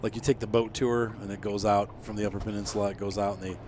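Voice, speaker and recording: A man's voice: on the low side, level tone, quick pace, noisy background. Rambling man streaming a truck game. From Midwestern US. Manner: rambling, chatty, many restarts. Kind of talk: casual chat while streaming a truck game.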